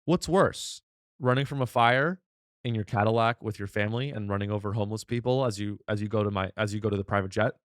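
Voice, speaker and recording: A man's voice: fairly low pitch, fast, dry recording, studio quality. A man hosting a comedy podcast, delivering a mock-outraged, ironic rant full of restarts and rhetorical questions.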